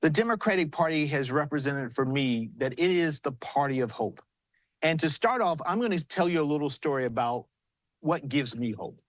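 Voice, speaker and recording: Southern man as party chair on a remote news hit: high-pitched, dry close mic, earnest storytelling that builds to rousing remarks. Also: lively intonation, moderate pace, dry recording. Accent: South Carolina. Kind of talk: live remarks on news broadcast. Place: large arena with commotion.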